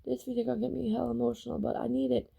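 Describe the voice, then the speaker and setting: Woman vlogger, dark gravelly voice, heated repetitive personal rant. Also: on the high side, flat delivery, rapid-fire. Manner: heated, repetitive and emphatic, swearing. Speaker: vlogger reacting to videos. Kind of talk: emotional personal vlog rant.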